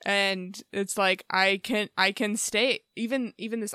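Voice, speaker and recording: A woman's voice: mid-range voice, fairly even intonation, a little slow, bright, forceful tone, smooth, dry recording, studio quality. A woman co-hosting a podcast in casual chat, playful and given to chanting lyrics and laughing. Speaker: podcast co-host.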